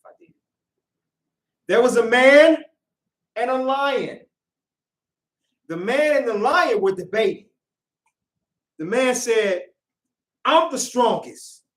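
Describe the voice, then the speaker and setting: A man's voice: extremely high pitch, animated, slow, pauses often, a bit bright. A man leading a Sabbath lesson, talking conversationally and checking in with rhetorical questions. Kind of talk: lesson with storytelling. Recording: roomy echo, mic at a distance.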